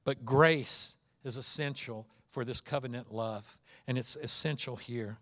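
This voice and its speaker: A pastor preaching a sermon in a conversational way, with restarts, and rising to emphasis at times. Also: male voice, medium pitch, unhurried, pushed and bright.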